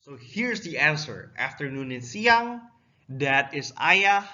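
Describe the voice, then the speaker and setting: A man's voice: fairly high pitch, big pitch swings, slow, sharp tone. A young man from Indonesia, giving a casual language lesson and explaining words step by step. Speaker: language teacher. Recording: dull, lo-fi sound.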